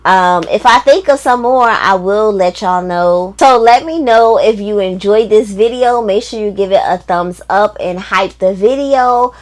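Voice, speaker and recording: A woman's voice: mid-range voice, a little slow, hardly any pauses. A woman book vlogger talking casually and emphatically, with lots of fillers and frequent laughs. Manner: chatty, emphatic, many fillers; reads quotes in a voice, laughs often. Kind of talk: casual book review chat.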